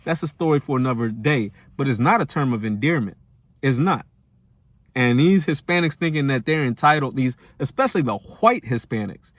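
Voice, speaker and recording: A man's voice: mid-range voice, no echo. A man hosting a commentary channel, delivering a firm, preachy reaction rant. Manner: firm, preachy, building emphasis.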